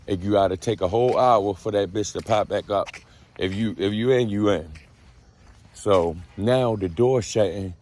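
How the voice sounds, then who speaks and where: A young adult man from the United States telling prison stories in a casual, animated, slangy monologue, jumping up high to act out what people said. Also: normal speed. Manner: animated, slangy, acts out quotes in a higher voice. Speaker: storyteller.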